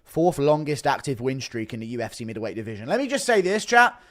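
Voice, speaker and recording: A man's voice: mid-range voice, expressive, quick pace, a bit bright, dry recording, clean studio sound. A man streaming casually, reading out donations and joking in a wry, offhand way. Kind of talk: casual live-stream commentary.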